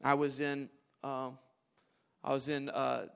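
A man preaching a sermon, moving between quiet, low asides and loud, emphatic declarations, often repeating and restarting his phrases. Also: monotone, slow pace, vocal fry, clean tone.

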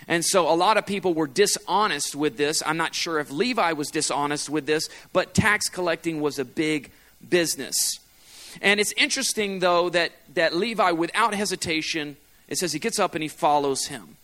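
A man with a slightly raised voice preaching a sermon. He talks to the congregation in an easy, conversational way, often pausing to ask them for a response. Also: fairly high pitch, a bit bright. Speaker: pastor.

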